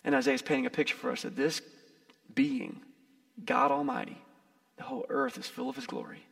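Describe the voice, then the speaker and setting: A man preaching a casual, conversational sermon, swinging between loud emphasis and soft asides. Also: extremely high pitch, wildly swooping pitch, brisk, gravelly. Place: gym used as a church.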